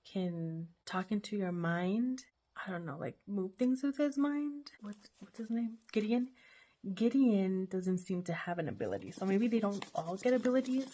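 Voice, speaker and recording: A woman's voice: medium pitch, darkish tone. A woman hosting a book club, chatting casually and thinking aloud with enthusiasm.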